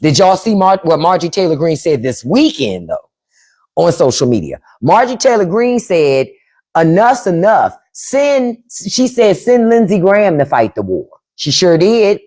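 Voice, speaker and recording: A woman's voice: lowish voice, very animated, normal speed, mellow. A woman hosting a casual livestream, talking bluntly and with profanity while answering the chat. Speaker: podcast host on a livestream.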